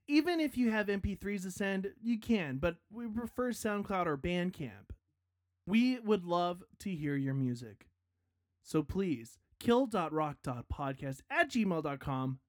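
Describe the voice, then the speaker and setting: Podcast host rambling thru the plugs, mid pitch, dry close mic, jokes at own expense. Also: no room sound. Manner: chatty, self-mocking, rambling; bursts into loud hype yells. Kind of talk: casual podcast outro with plugs.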